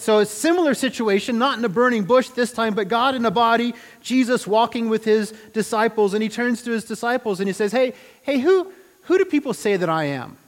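A man preaching in a church with a slightly raised voice. His delivery is conversational, with plenty of rhetorical questions and small restarts. The long hall reverb trails behind his words. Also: sits high. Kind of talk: sermon.

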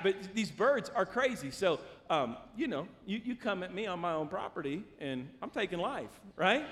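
A male pastor preaching a sermon, telling stories animatedly with big swings from loud to hushed. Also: sits high, big pitch swings, moderate pace, few pauses. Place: church sanctuary. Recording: long church hall reverb.

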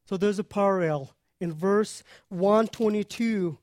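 An earnest preacher unpacks scripture at a very slow, deliberate pace, stopping often to explain. The voice sits at an ordinary middle pitch. It is recorded close and dry, with no room sound. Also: a little mellow, no echo. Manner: earnest, unhurried explaining with pauses. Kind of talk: sermon teaching on scripture.

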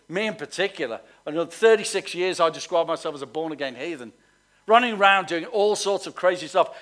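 A male pastor with a high voice preaching to his congregation. He moves between emphatic, raised points and quiet, hushed asides. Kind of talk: sermon. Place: church hall.

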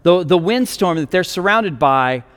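A man's voice: high voice, expressive, measured pace, a bit bright, clear, resonant tone, in a large hall. A male pastor telling a scripture story in a sermon, with many restarts and fillers.

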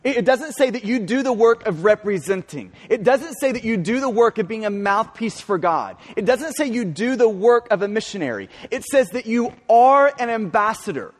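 A man's voice: high-pitched, animated, moderate pace, hardly any pauses. A man preaching a sermon, earnest and emphatic, often restarting his words as he presses a point. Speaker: pastor. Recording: long hall reverb.

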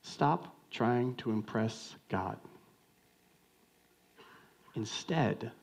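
A male pastor giving a sermon with a middle-pitched voice. He talks in a loose, joking way, rising to loud bursts and then dropping to hushed lines. He keeps turning to the congregation with direct questions. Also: expressive, very slow, gravelly. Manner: conversational, joking preaching that swings between loud and hushed.

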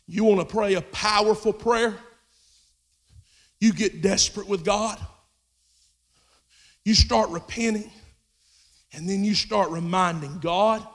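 A man preaching a sermon, moving between quiet, low talk and loud, shouted passages. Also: slow pace, long pauses. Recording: long hall reverb.

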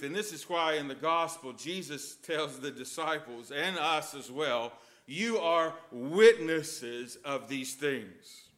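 A male priest preaching a sermon with lively storytelling and emphatic points. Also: medium pitch.

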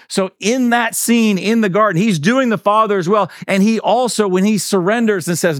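A man's voice: high-pitched, lively intonation, normal speed, no echo. Male pastor, sermon, conversational, dry close sound. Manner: conversational, lots of "like" and "right".

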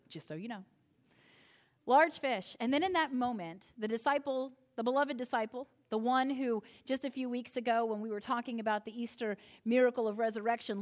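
Woman pastor, sermon, high voice, playful storytelling, acted-out voices. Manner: lively storytelling, acting out voices with humor.

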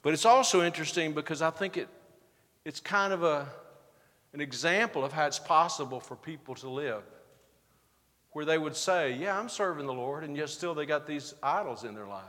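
A man's voice: a little high, normal speed, pushed and bright, big-room sound. A man preaching a sermon as pastor, building to emphatic bursts and acting out the back-and-forth quotes of the passage.

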